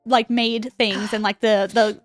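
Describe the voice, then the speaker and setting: A woman's voice: a little high, little pitch movement, a little slow, no room sound, soft background music. Chatty woman, dry close sound. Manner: warm and enthusiastic, many fillers like "like". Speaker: podcast co-host. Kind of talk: casual chat, reading listener letters aloud.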